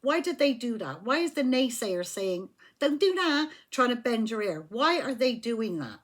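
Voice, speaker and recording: A woman's voice: on the high side, expressive, moderate pace. A woman giving a casual tarot reading, blunt and emphatic, swearing when riled. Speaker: tarot reader.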